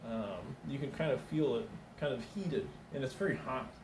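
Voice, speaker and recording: A man's voice: medium pitch, expressive, moderate pace, distant mic, noisy background. Rambling man telling a story in an echoey room. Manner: meandering, many fillers and restarts, acts out quoted voices. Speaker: stand-up comedian.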